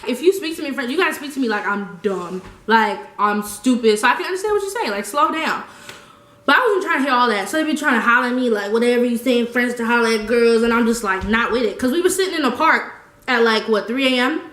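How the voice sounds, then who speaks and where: A young woman telling a story casually, animated and slangy, laughing often. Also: on the high side, fast talker, echoey room. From United States. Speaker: vlogger.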